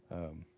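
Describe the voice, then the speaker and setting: A man's voice: dark tone, dull audio, a little hiss or hum. A man hosting a livestream commentary show, rambling and musing aloud and often trailing off mid-thought. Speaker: show host.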